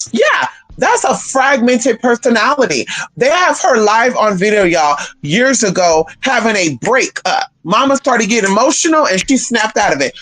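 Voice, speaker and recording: A woman's voice: mid-range voice, rough recording. A woman hosting a casual livestream, talking bluntly with profanity and emphatic repetition. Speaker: livestream host.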